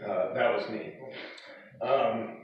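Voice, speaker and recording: A man's voice: fairly low pitch, fairly even intonation, slow pace. Middle aged guy doing a eulogy for his dad, laughing thru stories, far off mic, muffled sound. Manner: fond storytelling broken by chuckles. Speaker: son giving a eulogy. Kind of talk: eulogy with personal anecdotes. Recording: echoey hall, distant, dull.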